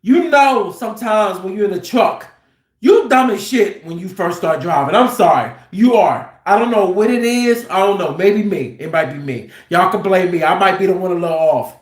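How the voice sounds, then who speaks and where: A man's voice: high-pitched, normal speed. A man who drives trucks, telling stories casually and with profanity, acting out what people said. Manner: animated, profane, acts out quotes loudly. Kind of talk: casual storytelling. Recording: roomy echo.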